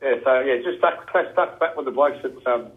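Here is a laid-back Australian man in his fifties, chatting on the radio about his playing days. He talks at a brisk clip and drops "mate" into nearly every sentence. His voice comes through a tinny, narrow phone line. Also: medium pitch. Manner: laid-back, says "mate" constantly, chuckles often. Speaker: guest, former footballer. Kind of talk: casual radio interview.

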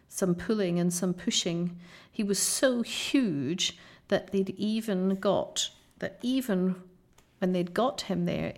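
A woman reading a children's novel aloud in a measured, dramatic storytelling manner. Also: lowish voice, darkish tone. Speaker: audiobook narrator.

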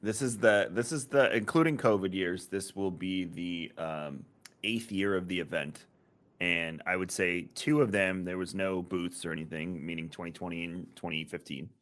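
A man co-hosting a podcast in a relaxed, rambling way, with plenty of ums. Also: low-pitched, moderate pace. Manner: relaxed, rambling, lots of fillers. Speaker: podcast co-host and convention organizer. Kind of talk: casual chat.

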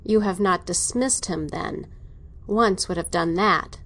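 A woman reading an audiobook, voicing a middle-aged doctor father who is domineering and speaks in a measured, dry, ironic way. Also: lowish voice, a bit bright, exaggerated voice.

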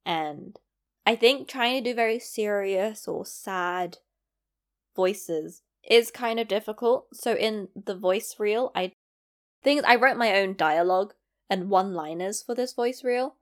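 A woman's voice: mid-range voice, unhurried. A young woman and aspiring voice actor, talking casually to camera in a chatty, self-deprecating way, laughing often.

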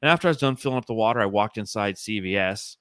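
A man's voice: on the low side, animated, very fast, fairly bright tone, smooth, dry recording, clean studio sound. A man hosting a casual sports podcast, telling rambling, profane stories and reading fan comments aloud. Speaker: podcast host.

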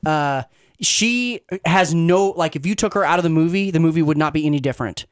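A man's voice: on the high side, a little fast, clean tone. A man on a podcast, chatting critically with lots of fillers like "you know" and "like". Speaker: podcast co-host. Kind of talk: casual chat.

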